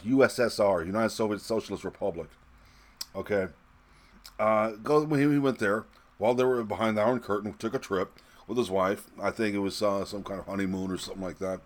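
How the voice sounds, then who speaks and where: Ranting man, lowish voice. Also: steady tone, a little fast. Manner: ranting, mocking, profane, with bursts of laughter. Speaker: political vlogger. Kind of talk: solo opinion rant.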